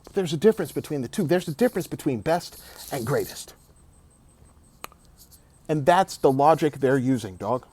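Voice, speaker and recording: A man's voice: a little high, expressive, normal speed, pauses often, darkish tone. A man giving an emphatic, opinionated sports rant, repeating himself and saying "dog" often. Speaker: sports commentator.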